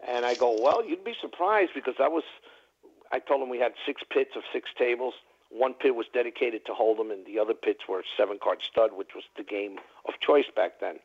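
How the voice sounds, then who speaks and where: A man's voice: medium pitch, little pitch movement, brisk, husky. A man calling into a radio talk show, telling a long story in a rambling, chatty way with many fillers. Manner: rambling, chatty, full of "you know" fillers. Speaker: caller. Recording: tinny phone line.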